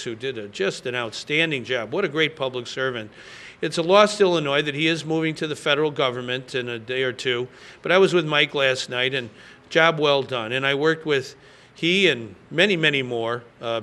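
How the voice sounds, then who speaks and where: A man's voice: mid-range voice, pushed and bright. A man in his sixties, a state governor, answering reporters' questions at a press conference in an emphatic, folksy way with frequent fillers.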